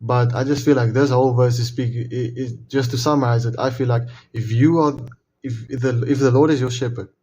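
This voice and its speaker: A man hosts a casual devotional Bible talk for a Bible reading video, speaking earnestly and often repeating and restarting his phrases. He slows down to read verses aloud. His voice is warm and mid-range with fairly even intonation, and the highs are cut off.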